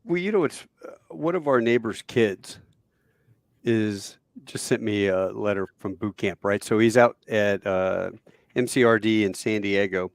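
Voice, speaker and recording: Gravelly man in his fifties hosting. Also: on the low side, a little slow, no room sound. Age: 50s. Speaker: podcast host. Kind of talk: casual conversation.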